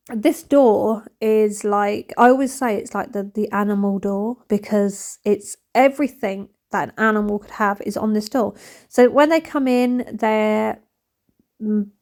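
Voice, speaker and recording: Her voice is on the high side and slightly mellow. She's a thirtysomething woman who vlogs about cleaning, and as she cleans her home she chats in a frank, meandering, self-deprecating voice-over.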